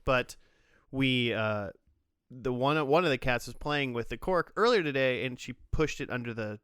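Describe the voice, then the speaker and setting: A man hosts a relaxed podcast, drifting through long anecdotes full of "uh" and restarts. His voice comes across smooth and clean. The sound is dry and close, with no room echo. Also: medium pitch, normal speed. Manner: rambling storyteller with frequent fillers and restarts. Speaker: podcast host. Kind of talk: casual chat.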